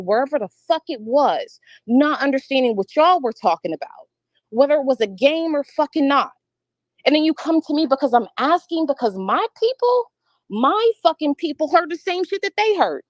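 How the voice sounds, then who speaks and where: A woman's voice: sits high, lively intonation, normal speed, no echo, rough recording. A woman arguing heatedly on an online debate panel, combative and profane, insisting on her side. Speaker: panel guest.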